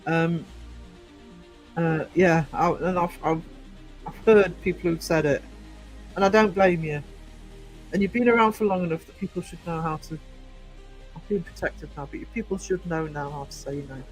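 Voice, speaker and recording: Chatty Northeast English man, high voice. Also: moderate pace, pauses often, soft background music, poor audio. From England. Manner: chatty and rambling, teasing the chat with frequent fillers. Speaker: livestream host. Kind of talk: casual livestream chat answering viewer comments.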